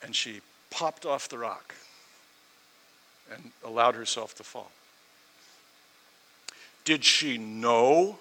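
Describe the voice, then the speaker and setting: Bright-voiced man preaching a story sermon. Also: mid-range voice, takes it slowly, pauses often. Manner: emphatic, repetitive build-ups.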